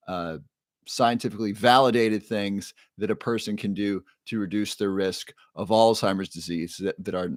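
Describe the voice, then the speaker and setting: A man's voice: on the low side, no echo, studio quality. A man hosting a casual livestream, greeting viewers by name and reading chat in an upbeat way. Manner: upbeat, reads out chat names, playful roars. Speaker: livestream host, neuroscientist.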